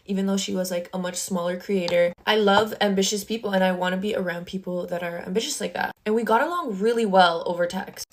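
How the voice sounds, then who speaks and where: A young woman talking casually and in an exasperated tone from her bedroom makeup table. She tells a storytime vlog and fills it with lots of filler words. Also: medium pitch. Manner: chatty, exasperated, heavy use of filler words. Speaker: social media creator.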